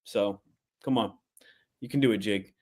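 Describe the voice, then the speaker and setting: A man's voice: lowish voice, measured pace, a little mellow. A man co-hosting a sports podcast, chatting casually and animatedly, laughing often and giving blunt opinions. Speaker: podcast co-host.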